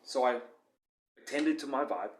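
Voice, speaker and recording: A man's voice: medium pitch, normal speed, roomy sound, a little hiss or hum. A young man in a casual vlog monologue, talking in a boastful, rambling way with many fillers.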